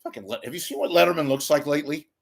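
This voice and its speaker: A man's voice: a little high, big pitch swings, very fast, vocal fry. A man giving a rambling, self-mocking comedic monologue to his viewers, often swearing. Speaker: YouTube commentator.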